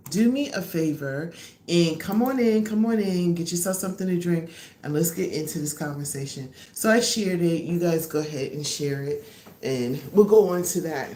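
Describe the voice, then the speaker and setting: A chatty woman with a fairly low voice hosts a casual livestream from her home kitchen. She talks animatedly and greets her viewers. The room is echoey and she sits back from the mic. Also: normal speed, warm tone, far from the mic. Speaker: livestream host. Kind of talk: casual chat.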